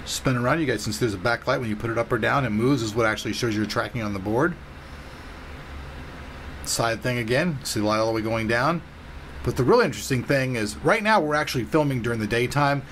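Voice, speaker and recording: A man's voice: mid-range voice, animated, fairly quick, fairly bright tone, a little hiss or hum. A man hosting a casual, enthusiastic tech unboxing review, talking to viewers with a sore throat. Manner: chatty, enthusiastic, talks straight to viewers. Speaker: tech reviewer and channel host.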